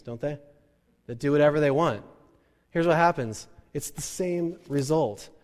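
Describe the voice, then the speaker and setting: A man preaching a sermon as a pastor, animated and joking, now and then acting out quoted parents and kids. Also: medium pitch. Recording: reverberant hall.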